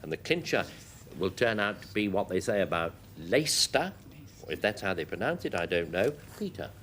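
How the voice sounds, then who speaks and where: A man chairing a panel game show with a brisk, wry manner. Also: low-pitched, animated, a bit bright. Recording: noisy 1980s TV studio with audience.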